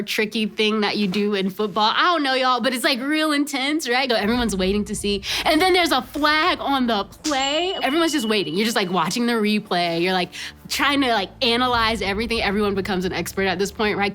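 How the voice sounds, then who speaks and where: A young woman giving a casual youth talk, telling animated stories, laughing often and peppering her speech with "like" and "right?". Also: on the high side. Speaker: youth ministry speaker.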